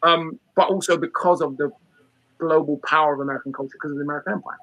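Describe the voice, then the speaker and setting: A young adult British man from England, giving a talk to an audience about race and class in an emphatic, quick manner with frequent restarts. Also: fairly high pitch, fairly even intonation, a bit bright, no room sound, rough recording. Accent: British English. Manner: fast, emphatic, many restarts.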